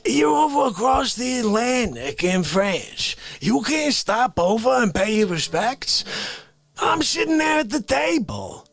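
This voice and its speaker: A man voicing a brash, mob-style New Yorker who loudly demands respect, with a New York accent and drawn-out indignation. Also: very high-pitched, big pitch swings, vocal fry, heavily acted. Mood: indignant. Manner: indignant, loud, drawn-out outrage. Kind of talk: comedic character bit.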